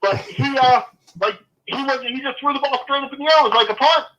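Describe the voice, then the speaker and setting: A man's voice: very high voice, brisk, pushed and bright, rough recording. A man talking football as a guest, ranting in a fired-up way, swearing and then apologizing. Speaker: guest fan. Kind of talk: casual sports chat.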